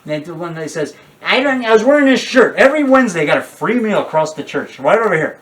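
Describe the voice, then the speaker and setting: A man's voice: high-pitched, very animated, quick pace, recorded from a distance. An older man, a horror filmmaker, talking casually in a rambling, digressive way with many restarts and asides.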